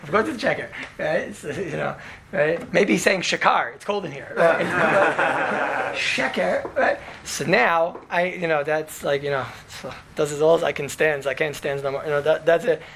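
A man telling a story to an audience in an animated, chatty way, sprinkling in Hebrew and Yiddish words and asking "right?" all the time. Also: fairly high pitch, normal speed, creaky, slight background noise.

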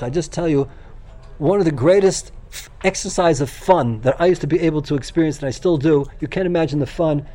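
An older man gives a Torah lecture in a high, quick voice. He gushes with excitement and often stumbles, restarting and repeating words as he rushes ahead. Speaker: rabbi teaching a Torah class.

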